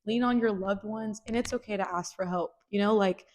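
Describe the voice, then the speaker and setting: A woman in her twenties hosting a podcast, talking earnestly and warmly with friends, full of "like" and "you know". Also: medium pitch, fairly even intonation, a little fast. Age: 20s. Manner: earnest, heartfelt, lots of "like". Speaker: podcast host. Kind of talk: casual chat.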